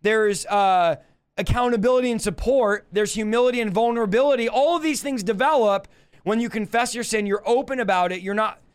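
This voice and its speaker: A man's voice: high-pitched, brisk, smooth. A male preacher giving a live teaching, emphatic and repetitive as he urges listeners.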